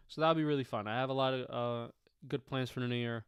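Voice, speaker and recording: Male sports streamer, casual and profane, smooth clear voice in a dry small room. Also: medium pitch, fairly even intonation, quick pace, no room sound. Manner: rambling, profane, many fillers. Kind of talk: casual live-stream chat.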